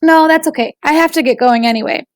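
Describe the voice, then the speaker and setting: Woman narrator doing a cheerful young woman customer, higher voice, bright and chatty, storybook reading, dry close sound. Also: fast, dry recording, close to an everyday voice. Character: friendly young Korean American woman customer.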